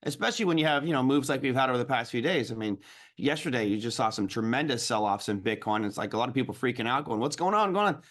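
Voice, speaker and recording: A man, a guest trader, explaining markets in an animated, casual way. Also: mid-range voice, quick pace.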